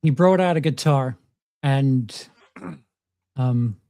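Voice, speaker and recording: A man's voice: mid-range voice, very slow, vocal fry, dark tone, no room sound, clean studio sound. A man on a casual panel, rambling and stammering as he explains.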